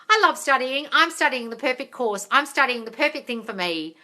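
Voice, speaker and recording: A young woman chatting casually on a livestream, answering viewer questions, excitable and swearing freely. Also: high-pitched, a little fast. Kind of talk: casual live chat.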